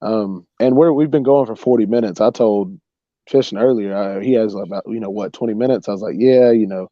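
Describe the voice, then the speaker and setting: A young man hosting a livestream, casually telling a funny story, animated and saying "bro" a lot. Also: on the low side, brisk, dry recording, muffled recording. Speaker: livestream host.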